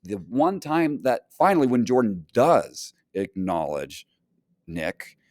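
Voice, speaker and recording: Animated man reviewing a novel. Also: medium pitch, slow, dry recording, studio quality. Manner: animated, acts out characters' lines. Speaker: teacher. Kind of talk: casual book review lesson.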